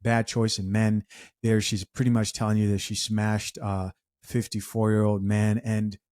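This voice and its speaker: A man with a fairly low voice gives critical, lecturing commentary on video clips as a podcast host. The sound is dry and close, with little room in it. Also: level tone, a little slow, a little mellow, no room sound. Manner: reads sponsor ad.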